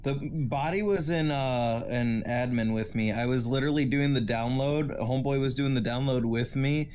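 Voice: medium pitch, normal speed, darkish tone, a little hiss or hum. A player in a game chat, bluntly laying out an accusation and swearing casually.

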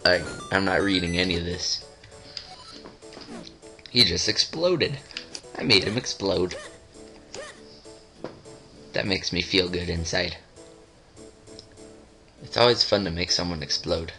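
Young male let's-player, slow drawl, bright tone, goofy running commentary over faint game music. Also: low-pitched. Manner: goofy, reads game text aloud in silly voices. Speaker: let's play host. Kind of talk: casual gameplay commentary.

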